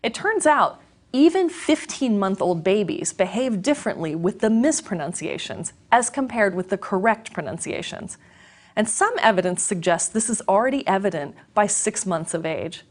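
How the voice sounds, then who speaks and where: A woman giving a scripted educational lecture, explaining in a clear, measured way. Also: medium pitch, lively intonation.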